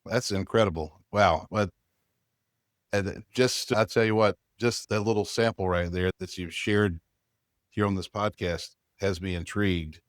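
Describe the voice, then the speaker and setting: Low-voiced, enthusiastic male podcast host. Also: fairly even intonation, a little slow, dry recording, clean studio sound. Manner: enthusiastic, affirming. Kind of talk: casual interview chat.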